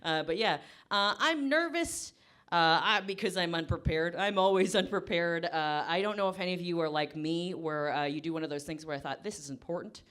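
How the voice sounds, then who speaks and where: A woman in her twenties doing live stand-up on a comedy stage. She rambles fast and pokes fun at herself, and her voice sits a little low for a woman. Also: steady tone, clean tone. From Kansas. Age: 20s. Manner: fast, rambling, self-deprecating.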